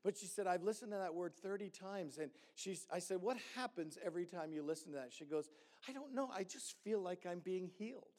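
A man, a pastor, telling a story in a sermon and acting out the dialogue with lively energy. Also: sits high, fairly quick. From Hamilton.

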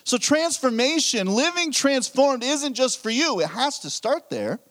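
A man's voice: very high voice, measured pace. A pastor preaching a sermon, telling a story and acting out his own thoughts. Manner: animated storytelling with acted-out inner thoughts.

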